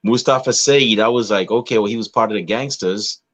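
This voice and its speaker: A man's voice: lowish voice, brisk, a bit bright. A man, a podcast guest, explaining things in casual chat with enthusiasm.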